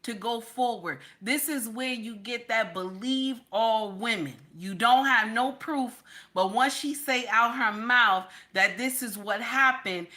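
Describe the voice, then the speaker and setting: A woman's voice: a little high, measured pace, pushed and bright. A middle-aged woman giving casual, emphatic reaction commentary, repeating her points in a preachy way.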